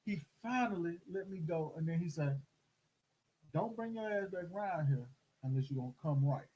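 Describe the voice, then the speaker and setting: A middle-aged man telling a story in casual chat, animated and acting out the voices of the people in it. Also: a little high, moderate pace, breathy edge, rough recording. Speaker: host.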